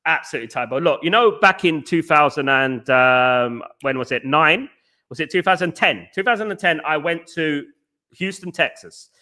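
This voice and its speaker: A man's voice: a little high, expressive, moderate pace, bright, forceful tone. A man hosting a football fan live stream, answering chat and ranting with strong opinions, often repeating himself. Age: adult. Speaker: football fan channel host.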